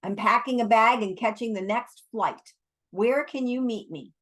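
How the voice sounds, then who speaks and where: Lady doing a wry jokey young guy, slow and easy. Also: fairly high pitch, a bit bright.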